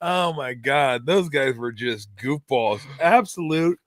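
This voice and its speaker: A man's voice: medium pitch, slow, a little hiss or hum. A middle-aged man hosting a sports talk show, telling jokey stories in casual chat. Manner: storytelling, jokey, animated retellings. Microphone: streaming call mic.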